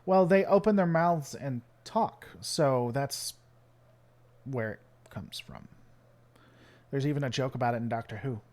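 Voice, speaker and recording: A man's voice: mid-range voice, a little slow, pauses often, a little mellow. A man from the United States hosting his channel, rambling and joking with lots of fillers in casual live-stream commentary. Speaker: channel host.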